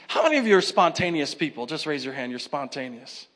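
A man preaching a sermon as pastor, retelling scripture in a lively, conversational way with slang. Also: on the high side, fast, few pauses.

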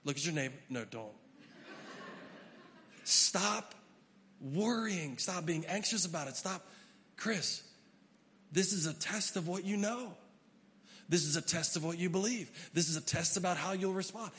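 A middle-aged male pastor giving an emphatic sermon, swinging from loud to hushed. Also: high voice, expressive, measured pace, long pauses, a little hiss or hum. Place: church hall. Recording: long hall reverb.

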